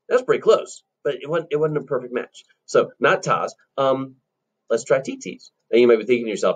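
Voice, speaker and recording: A man teaches a children's rhythm lesson, chanting syllables and walking through the beats in an upbeat way. His voice is a little husky, and his pitch swings widely as he counts and claps along. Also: lively intonation, moderate pace. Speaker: music teacher.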